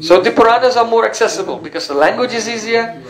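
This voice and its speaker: A man's voice: very high-pitched, fast talker, reverberant, low-quality recording. A man giving a spiritual lecture on scripture, explaining terms step by step with fillers and self-corrections. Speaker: teacher of scripture.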